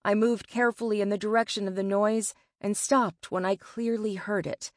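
A woman narrating a first-person novel in a measured, expressive way. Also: mid-range voice, no echo, clean studio sound. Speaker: audiobook narrator.

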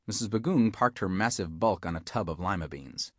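Male audiobook narrator, low-ish voice, dry close read, hard-boiled wisecracking tone. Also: lively intonation, brisk, no echo. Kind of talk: scripted first-person story narration.

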